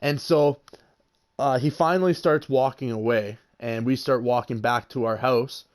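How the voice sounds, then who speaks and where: A man's voice: mid-range voice, fairly even intonation, measured pace. A young man casually telling a story about a confrontation, swearing freely and raising his voice when he quotes people. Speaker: vlogger.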